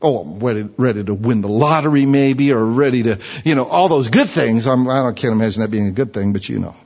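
A man's voice: medium pitch, brisk, darkish tone. A middle-aged man preaching a sermon, telling Bible stories with humor and acting out the scenes. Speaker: pastor. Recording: dull recording with long hall reverb.

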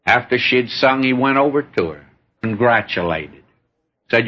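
A husky male preacher delivers a sermon in a folksy storytelling way. His pitch climbs and drops as he leans into a point, then settles back into easy talk. The recording sounds dull and lo-fi. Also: animated, unhurried.

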